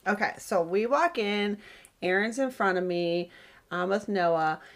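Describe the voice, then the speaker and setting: A woman co-hosting a podcast tells a story in casual chat, an animated storyteller who acts out what people said. Her voice is medium-pitched and unhurried.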